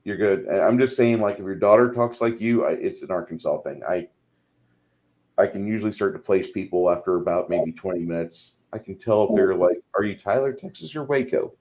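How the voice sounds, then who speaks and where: Male co-host with a lowish voice, loose and rambling, casual chat delivery. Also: fairly quick, darkish tone, rough recording. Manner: rambling, lots of "like".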